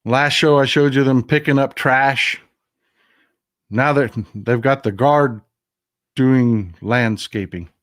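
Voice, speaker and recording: Casting note: male live-stream news host, blunt and emotional, mid-pitched, casual commentary. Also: slow, a bit bright. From Texas. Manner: blunt, emotional, swears, reads viewer comments aloud.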